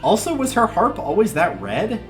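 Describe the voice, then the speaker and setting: A man's voice: high voice, huge pitch swings, normal speed, faint music behind. A man giving casual gameplay commentary on a livestream, chatty and wry, joking as he plays.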